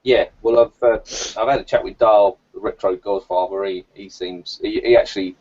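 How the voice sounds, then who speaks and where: Young man, co-host, low voice, mellow tone, dull lo-fi sound. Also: moderate pace. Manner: relaxed, rambling with fillers. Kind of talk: casual live-stream chat. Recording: dull lo-fi stream audio.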